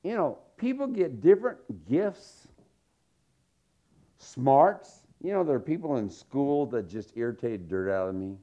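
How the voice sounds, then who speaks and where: A middle-aged man preaching a sermon, telling stories and acting out quotes with lively swings. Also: a little slow. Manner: animated storytelling with acted-out quotes and big pitch swings. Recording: dull lo-fi sound.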